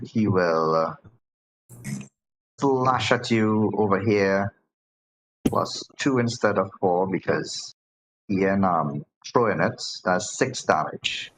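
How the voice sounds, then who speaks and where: Low-voiced man running a tabletop game. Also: slight background noise, rough recording. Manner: casual, many fillers and restarts. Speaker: game master.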